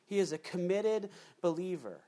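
A man's voice: high voice, normal speed. A man preaching a sermon, telling a joke story with frequent asides to the congregation. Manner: animated storytelling with asides to the audience. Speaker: pastor.

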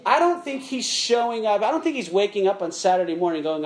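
A man's voice: high voice, sing-song, quick pace. A middle-aged man preaching a sermon in a conversational way, often checking in with "okay?" and addressing listeners as "guys.". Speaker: pastor.

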